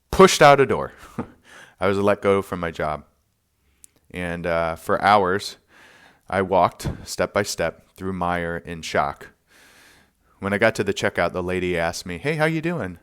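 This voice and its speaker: A man with a deep, smooth voice tells a personal story on a podcast. His delivery is earnest and soft-spoken, broken by short pauses and small laughs. The resonant tone carries the reflective mood.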